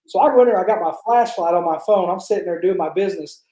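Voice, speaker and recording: A man's voice: high voice, quick pace, hardly any pauses, warm tone. Rambling man telling crude stories, echoey room. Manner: rambling, profane, laughs through stories. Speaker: barbecue pitmaster guest. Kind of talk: casual storytelling chat.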